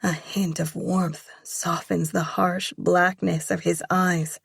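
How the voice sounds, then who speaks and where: Slow, gravelly woman narrating. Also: lowish voice, little pitch movement, no echo, clean studio sound. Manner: slow, measured reading. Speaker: audiobook narrator. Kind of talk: first-person romance narration.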